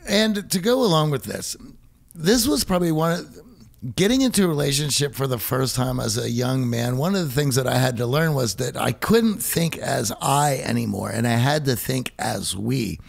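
Gravelly-voiced American man co-hosting. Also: mid-range voice, animated, normal speed. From Pittsburgh, USA. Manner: restarts, stammers, rising emphasis. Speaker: podcast co-host. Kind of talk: casual podcast conversation.

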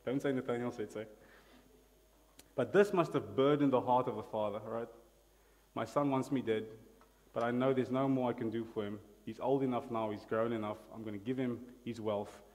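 A man's voice: mid-range voice, fairly even intonation, normal speed, darkish tone. Preaching man in a reverberant hall. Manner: emphatic, asks the congregation to repeat words. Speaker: pastor. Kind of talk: sermon. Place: church hall.

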